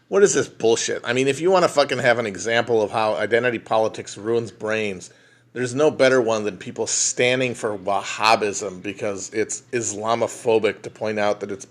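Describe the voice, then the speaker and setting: A man hosting a casual livestream chat, answering viewer questions in a blunt, profane, joking way. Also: lowish voice. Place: indoors at home, streaming. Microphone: phone livestream.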